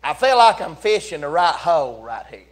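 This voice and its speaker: A man preaching a sermon in a church, telling the story in a folksy, animated way with big swings from loud to hushed. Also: fairly high pitch, normal speed. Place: church sanctuary.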